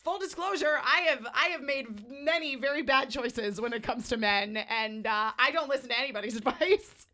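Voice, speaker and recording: A woman co-hosting a casual podcast chat, animated and candid, agreeing a lot as she talks. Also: high voice, moderate pace, few pauses. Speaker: podcast co-host.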